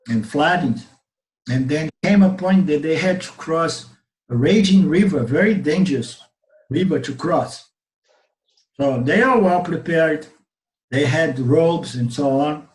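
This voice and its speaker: Roomy-sounding teacher with a Brazilian Portuguese accent. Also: male voice, a little high. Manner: animated storyteller, checks in with "okay?". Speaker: Vedanta teacher. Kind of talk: storytelling in an online class. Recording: roomy webinar audio.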